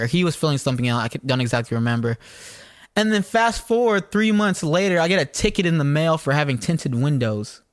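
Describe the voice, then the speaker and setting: Animated young man telling stories. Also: on the high side, fast, dry recording, studio quality. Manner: swearing, animated storyteller. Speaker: podcast co-host. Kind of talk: casual storytelling chat.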